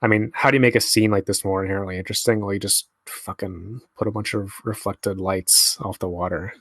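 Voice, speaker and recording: Young man, low-ish voice, casual film commentary, swears a lot, dry close sound. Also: fairly even intonation, a little fast, a bit bright, no echo. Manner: laid-back, musing, frequent swearing.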